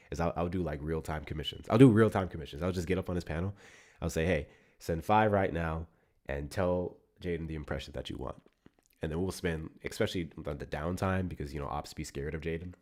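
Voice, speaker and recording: An American man hosting a political livestream, chatting casually, swearing often and laughing between points. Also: rumbling low. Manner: profane, animated, laughing asides. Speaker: livestream host.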